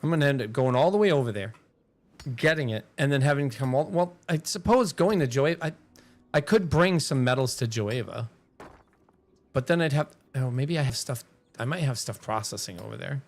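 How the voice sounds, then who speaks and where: A man's voice: medium pitch, normal speed, a little mellow. A man streaming a game, chatting casually and thinking aloud as he plays, rambling between talking to himself and to his chat.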